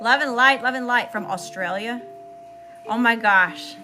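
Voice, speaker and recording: A woman from Mississippi hosting a spiritual livestream, giving effusive shout-outs to viewers in casual chat. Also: fairly high pitch, a little slow, music in the background. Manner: effusive, warm shout-outs with lots of "y'all".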